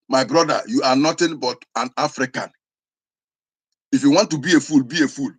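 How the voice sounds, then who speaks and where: This traditional spiritual teacher, an Igbo-accented man from southeastern Nigeria, delivers impassioned preaching to camera in a scolding, insistent tone, restarting his words often. His voice is medium-pitched and slightly rough, and he speaks a little fast.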